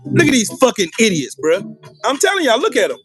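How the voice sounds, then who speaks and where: A man's voice: extremely high pitch, huge pitch swings, brisk, over loud music. A man hosting a livestream, in a furious, profane political rant, taunting viewers with repeated questions. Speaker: livestream host.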